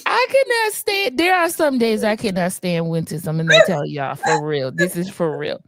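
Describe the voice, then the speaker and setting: A woman's voice: lowish voice, sing-song, normal speed, no room sound, studio quality. A woman co-hosting a casual livestream chat, telling candid personal stories and laughing often. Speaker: co-host and producer.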